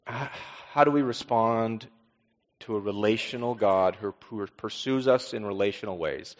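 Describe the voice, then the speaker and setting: A man's voice: medium pitch, long reverb tail, highs cut off. A man preaching a sermon as pastor, with a conversational delivery, rhetorical questions and repeated refrains.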